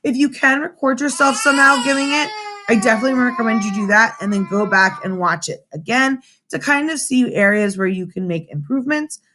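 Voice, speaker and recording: A young woman teaching a remote class from home through her computer's webcam, in a lively manner, often checking in with her students with "right?". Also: a little high, a little fast, noisy background. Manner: animated, addresses students directly with frequent "right?". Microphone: computer webcam mic.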